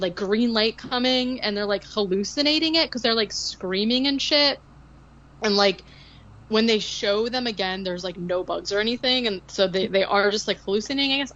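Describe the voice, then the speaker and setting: A woman's voice: fairly high pitch, a bit bright, lo-fi sound. A woman co-hosting a podcast, recapping a film in casual chat, rambling with lots of "like" and sarcastic asides. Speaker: podcast co-host.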